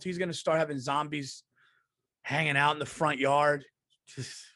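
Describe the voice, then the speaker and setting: A man's voice: fairly high pitch, fairly even intonation, normal speed, long pauses, bright, forceful tone, no room sound, clean studio sound. A man in his thirties, a comedian hosting a casual solo podcast, rambling and profane, stuffy from allergies. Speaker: podcast host and stand-up comedian.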